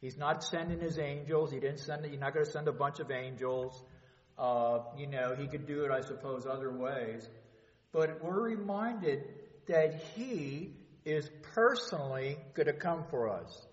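Earnest preacher man in an echoey hall. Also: medium pitch. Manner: earnest, halting with restarts and fillers. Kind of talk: sermon. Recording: echoey hall, dull lo-fi sound.

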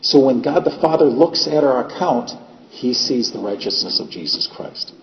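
A man's voice: mid-range voice, lively intonation, moderate pace. A man preaching a sermon in a plainspoken way, using homely examples and repeating his points. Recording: echoey hall, dull lo-fi sound, faint noise.

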